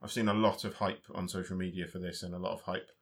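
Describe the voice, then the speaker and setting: Very deep-voiced man. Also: flat delivery, quick pace. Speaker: podcast co-host. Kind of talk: casual film review chat.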